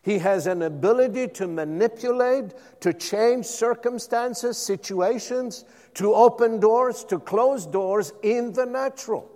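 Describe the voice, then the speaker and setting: A man's voice: sits high, unhurried, hardly any pauses, a little mellow. A male pastor preaching a sermon, drawing the congregation in with repeated calls of "Amen?". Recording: long hall reverb.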